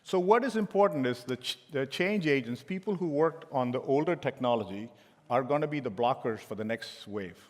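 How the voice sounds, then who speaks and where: A man's voice: mid-range voice, expressive, fairly quick, darkish tone. A middle-aged man giving a conference keynote as a tech executive, telling joking anecdotes with frequent restarts. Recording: long hall reverb.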